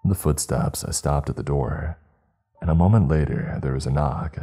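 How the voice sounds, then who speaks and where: A man narrating a horror story in slow, grave, scripted style. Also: extremely low pitch, dark tone, slightly rough.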